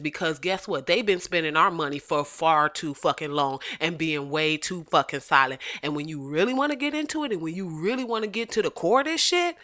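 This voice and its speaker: Woman host. Bright, forceful, profane comic rant with big volume swings. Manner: profane, animated, swings from loud shouting to low asides. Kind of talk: casual comedic rant.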